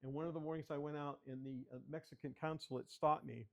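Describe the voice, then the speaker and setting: A man's voice: a little high, steady tone, fast, creaky. Chatty older man showing his photos. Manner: chatty storyteller, asking for the next slide. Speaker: guest speaker, photographer. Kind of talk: slideshow presentation to a club. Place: children's library area.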